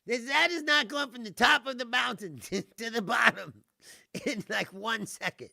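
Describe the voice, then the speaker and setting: Comedian host, male, gravelly and bright, laughs through rambling chat. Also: very high-pitched, unhurried, dry recording, clean studio sound. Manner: laughs often, loose rambling storytelling. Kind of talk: casual livestream chat.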